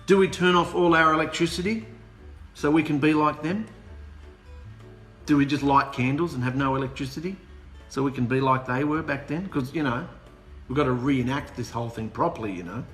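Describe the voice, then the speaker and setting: A man preaching an animated, humorous sermon, sarcastic and worked up. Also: mid-range voice, fairly quick. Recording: echoey room with music behind.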